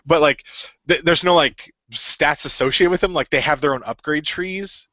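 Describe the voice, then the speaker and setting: Guy cohosting a podcast, kinda high voice, rambly with tons of "like", dull dry audio. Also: normal speed, sharp tone, no echo. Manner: rambling, filler-heavy, full of "like". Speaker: podcast co-host. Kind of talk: casual chat.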